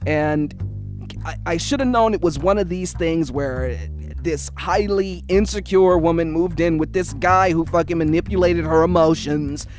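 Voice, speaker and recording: High-voiced man telling a heated story. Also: a little slow, faint music behind. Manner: heated, profane, animated retelling. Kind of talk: casual storytime monologue.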